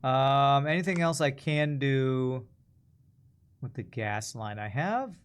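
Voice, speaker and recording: A man streaming a puzzle game in a relaxed, musing way, whose sentences often trail off quietly. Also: mid-range voice, slow, smooth. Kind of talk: casual gameplay commentary.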